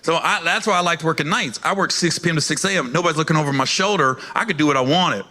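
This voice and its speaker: A man's voice: fairly high pitch, quick pace, pushed and bright. A man performing stand-up comedy, telling a profane story and laughing between his lines.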